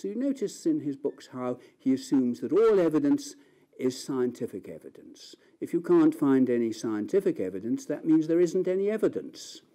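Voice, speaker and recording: Male lecturer, storyteller, lively rising-and-falling delivery. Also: on the high side. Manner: storytelling, acting out quoted voices. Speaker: philosophy lecturer. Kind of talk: academic lecture.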